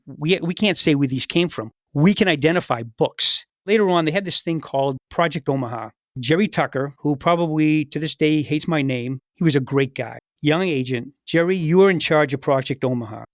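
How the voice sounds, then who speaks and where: An older American man recounts an old investigation in relaxed conversational storytelling, slipping into the voices of the people he quotes. His voice sits a little high, and the recording is close and dry. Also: dry recording. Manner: animated retelling, acts out quoted voices. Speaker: retired FBI agent, guest.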